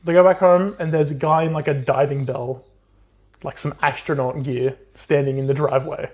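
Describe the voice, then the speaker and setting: A man co-hosting a podcast, casually retelling a children's book plot with swearing and quick silly voices for the characters. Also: fairly high pitch, steady tone, a little mellow, lo-fi sound. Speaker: podcast co-host. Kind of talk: casual book recap chat.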